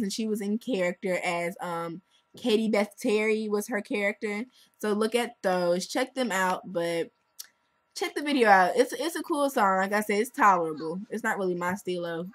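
A woman's voice: medium pitch, normal speed, no echo, rough recording. Chatty sarcastic young woman reviewer. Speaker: video reviewer. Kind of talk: casual video review.

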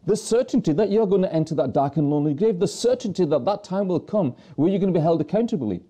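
Man preaching in a very dark, mellow voice. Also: high-pitched, expressive, fast, husky. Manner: preaching with rhetorical questions and repeated phrases. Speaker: religious TV presenter. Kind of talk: earnest religious talk to viewers.

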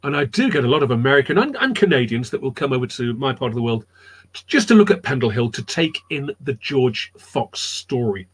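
A man's voice: medium pitch, big pitch swings, fairly quick, slightly rough. A man telling history anecdotes in a rambling, chatty way on a live chat show, repeating his words as he goes. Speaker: storyteller guest.

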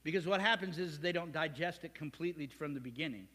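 A man's voice: fairly high pitch, fast talker, bright, forceful tone, big-room sound. A man preaching a sermon as pastor, conversational and joking, firing rhetorical questions at the congregation. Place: church sanctuary.

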